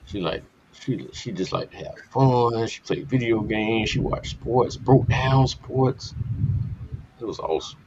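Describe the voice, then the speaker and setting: A man's voice: medium pitch, animated, a little slow, gravelly, a little mellow, a little hiss or hum. A man casually telling a candid personal story on a podcast, speaking bluntly with plenty of profanity. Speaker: podcast co-host. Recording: dull lo-fi podcast audio.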